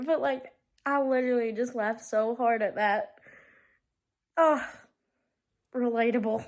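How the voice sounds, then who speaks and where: A woman in her twenties talks casually on a vlog, her voice on the high side with a steady tone. She speaks a little slowly and pauses often, though she stays chatty and giggly, leaning heavily on fillers such as "like" and "um."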